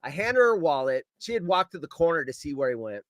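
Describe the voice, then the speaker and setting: A man calling in to a show and telling a story with animated delivery, shouting out his quoted lines and swearing along the way. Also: a little high, quick pace, dry recording.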